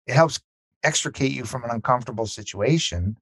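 A middle-aged man, a podcast guest, telling stories in an earnest, animated way and acting out the dialogue he quotes. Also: mid-range voice, brisk, husky, dry recording. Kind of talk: conversational storytelling.

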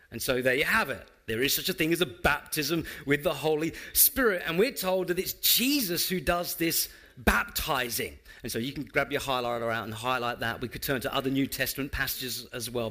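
A man's voice: fairly high pitch, sharp tone. A man preaching a sermon to his church, reading scripture, praying and addressing the congregation with rhetorical questions. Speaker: preaching pastor.

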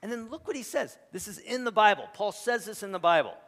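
Male pastor, sermon, animated and emphatic with joking asides, higher-pitched voice, long hall reverb. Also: fast talker. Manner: animated and emphatic, swinging from loud punches to quiet asides; joking, conversational asides to the congregation.

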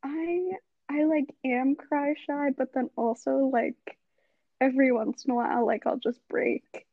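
Young female podcast co-host, high pitch, giggly storyteller, dry muffled home recording. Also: fairly even intonation, a little slow, vocal fry, no echo. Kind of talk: casual chat.

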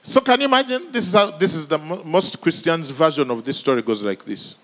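Animated high-voiced preacher. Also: male voice, a little fast. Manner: animated, comic, shifts between shouts and hushed asides. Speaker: pastor. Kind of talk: sermon.

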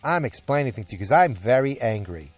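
A man puts on a grumpy male wrestler who talks in a stiff, earnest way. The voice sits a little higher and pushes harder than a plain speaking voice. Its tone stays blunt and mock-serious throughout. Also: fairly quick. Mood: mock-angry. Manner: stiff, flatly earnest delivery. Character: blunt, angry male wrestler explaining himself.

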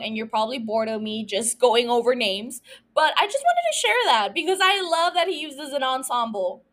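A woman hosting a solo podcast, ranting casually and excitedly about a TV show, swearing often. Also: high-pitched. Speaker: podcast host.

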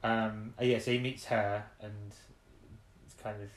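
A man's voice: on the low side, flat delivery, unhurried. Man recapping in a roomy room. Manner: rambling, restarts while recapping plot. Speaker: podcast co-host. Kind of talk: casual chat recapping a TV episode. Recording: roomy, echoey recording.

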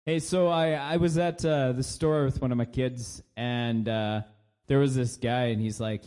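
A man's voice: mid-range voice, fairly even intonation, unhurried, a little mellow. An American man co-hosting a casual podcast chat, joking and laughing often. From United States. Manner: jokey, puts on silly voices and laughs often. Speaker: podcast co-host.

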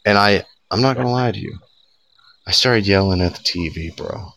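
A man's voice: deep voice, normal speed, vocal fry. A man co-hosting a casual podcast, ranting sarcastically and swearing freely. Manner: profane, sarcastic, animated ranting with laughs. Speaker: podcast co-host. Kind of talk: casual political podcast rant.

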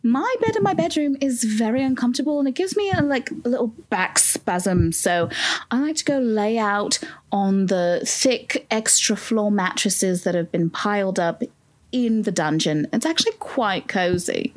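A woman's voice: mid-range voice, expressive, normal speed, close to an everyday voice. A woman improvising a rambling, bumbling castle kidnapper in a comedy scene, chatty and jumping between ideas. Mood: scheming.

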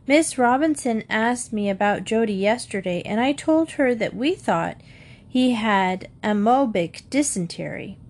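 A woman's voice: a little high, lively intonation, measured pace, a little mellow, pitched above the performer's own voice. A woman voicing a twelve-year-old girl who earnestly shows off school knowledge. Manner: earnest, pedantic. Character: tattling know-it-all schoolgirl of twelve.

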